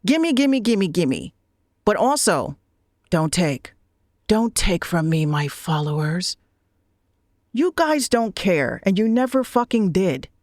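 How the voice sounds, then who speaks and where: A woman's voice: on the low side, expressive, slow pace, darkish tone, no echo, clean studio sound. A woman VTuber ranting bluntly, swearing often and repeating her points. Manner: blunt, profane, repeats phrases. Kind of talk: ranting monologue.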